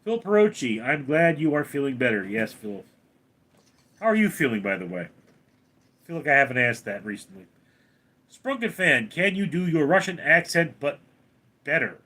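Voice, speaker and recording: A man's voice: big pitch swings, normal speed, pauses often. A man live streaming from home, reading viewer names aloud and answering them in a casual chat. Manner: reads viewer names out loud, then answers in a lower voice.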